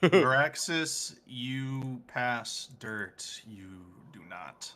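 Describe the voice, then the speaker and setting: A man running a tabletop game as game master, unhurried as he describes scenes and calls for rolls. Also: mid-range voice, animated, pushed and bright.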